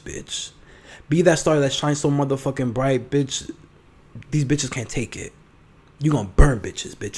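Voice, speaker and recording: A 21-year-old man hosting his own podcast, talking in a sassy, profane, animated solo monologue full of fillers. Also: mid-range voice. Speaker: podcast host.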